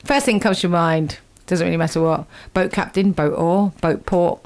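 A woman's voice: fairly low pitch, steady tone, moderate pace, darkish tone. A woman hosting a chatty, playful slang lesson for a group, laughing often as she teases and encourages them. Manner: laughs a lot, teasing and upbeat. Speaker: host teaching slang to a group.

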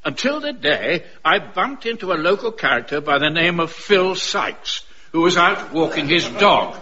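A man narrating as a woeful, pompous Victorian gentleman in a comic radio play, melodramatic and lamenting. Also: a little high, big pitch swings, moderate pace, a little hiss or hum. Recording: dull lo-fi recording with music.

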